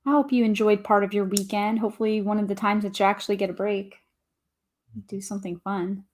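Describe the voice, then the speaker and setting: A woman's voice: medium pitch, fairly even intonation, brisk, a little mellow. Cheery young woman, livestream host, chatty, reading out viewer comments. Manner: upbeat, reads viewer comments aloud. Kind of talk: casual livestream chat.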